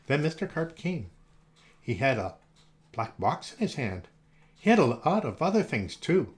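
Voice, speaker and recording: A man reading a children's storybook aloud, gentle and expressive. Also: mid-range voice. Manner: gentle, expressive, slowed for effect.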